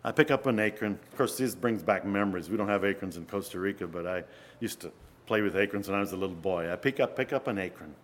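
A man's voice: sits low, fast talker. A man preaching a sermon in an earnest way, often asking his listeners rhetorical questions.

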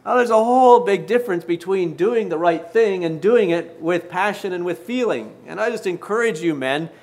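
A man in his sixties preaching to husbands in a folksy storytelling manner, with restarts and gentle self-mockery. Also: high-pitched, lively intonation, normal speed. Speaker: pastor. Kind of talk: sermon to married men.

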